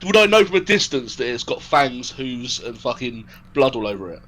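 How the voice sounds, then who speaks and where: A man playing a tabletop game, casual and excitable, swearing freely. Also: mid-range voice, moderate pace. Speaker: player.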